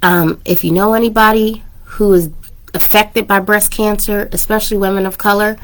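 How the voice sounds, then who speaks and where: Woman host, 30s, mid-pitched, casual and heartfelt, emotional. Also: steady tone, moderate pace. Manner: earnest and emotional, with laughs. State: teary. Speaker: podcast host. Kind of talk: casual personal talk to listeners.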